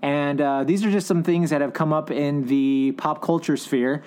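A young man hosting a podcast, talking loosely with plenty of "uh"s and "like"s. His voice sits a little on the high side. He laughs easily between points. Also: fairly even intonation, moderate pace, a little mellow, clean tone. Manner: chatty, laughs easily, many fillers. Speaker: podcast host. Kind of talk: casual podcast chat.

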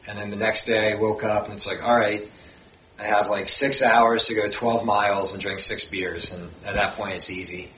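A young man telling a relaxed, casual story as a podcast guest, swearing now and then. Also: on the low side, moderate pace. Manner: laid-back, swears casually. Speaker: podcast guest, thru hiker. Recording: dull lo-fi sound with faint hiss.

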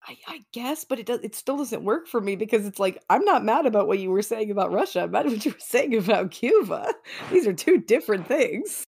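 A woman's voice: fairly high pitch, very animated, fairly quick, creaky, darkish tone, breathy edge. A woman guest co-hosting a podcast in casual chat, blunt and wry, with strong opinions, on her own mic over a remote call. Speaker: guest co-host.

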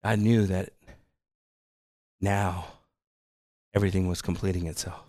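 Male pastor, low voice, earnest sermon delivery with repetition, dry sound. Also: level tone, measured pace, dry recording. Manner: earnest preaching that swings from soft to loud, with repeated phrases.

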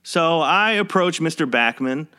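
A young man with a bright, slightly high voice, recounting a personal anecdote. His delivery is wry and conversational, with small chuckles between phrases. It sounds like a casual podcast host. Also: expressive, unhurried, smooth.

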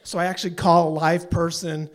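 A man in his sixties telling a story live on stage, exasperated and animated, acting out the people he quotes. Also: fairly high pitch, brisk. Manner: exasperated, animated, mimics voices.

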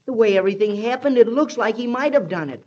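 A woman's voice: a little high, animated, fast talker, darkish tone. A performer in a 1930s radio drama playing Joe, an eager, earnest boy who talks in a folksy way with frequent "shucks". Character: eager earnest boy, Annie's loyal pal. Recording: dull lo-fi 1930s radio recording.

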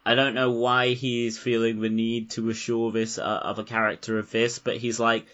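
A man's voice: medium pitch, completely flat delivery, moderate pace, a bit bright, highs cut off. A man co-hosting a podcast, chatting casually about a film, rambling, swearing and laughing often. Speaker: podcast co-host.

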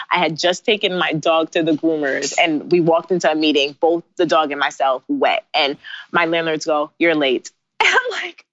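Lively woman guest with a lowish voice. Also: no echo. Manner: animated, laughs often while telling stories. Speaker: guest, bridal designer. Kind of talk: casual interview storytelling. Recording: dry, slightly dull podcast audio.

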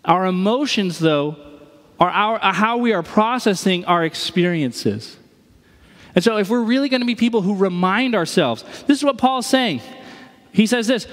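A man preaching a sermon as pastor, expressive and acting out everyday scenes. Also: sits high, moderate pace, long reverb tail. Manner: expressive, acts out everyday scenes in different voices.

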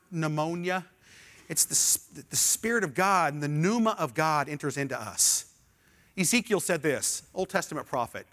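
Male pastor, middle-aged, bright high-ish voice, animated sermon delivery. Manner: animated preaching, call-and-response with congregation.

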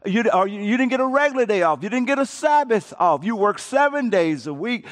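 High, lively-voiced preaching man. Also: brisk, hardly any pauses. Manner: call-and-response preaching, builds to shouting. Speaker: pastor. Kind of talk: sermon. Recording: long reverb of a large hall.

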